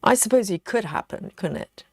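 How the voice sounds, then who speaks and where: A woman hosting a relaxed live stream from home, chatting with viewers and reading their comments aloud, with plenty of ums and you-knows. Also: medium pitch, normal speed, gravelly, breathy edge. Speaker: livestream host. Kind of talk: casual live chat while stitching.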